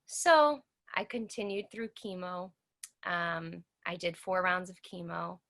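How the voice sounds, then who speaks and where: Slow and fairly low-voiced with a slightly bright quality, a woman in her thirties guests on an interview. She earnestly tells her own story, reenacting what others said to her.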